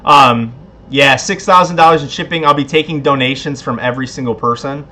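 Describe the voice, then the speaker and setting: A man's voice: medium pitch, fairly quick, sharp tone. A man hosting a casual livestream giveaway, laid-back, a bit tipsy and laughing often. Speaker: livestream host.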